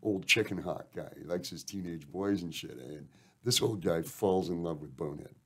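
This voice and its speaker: A Canadian man, a band member appearing as a guest on a radio show, spins long, rambling stories packed with swearing and "eh." His voice is low and husky with a fairly bright tone, and he talks at a moderate pace. It's a casual storytelling interview.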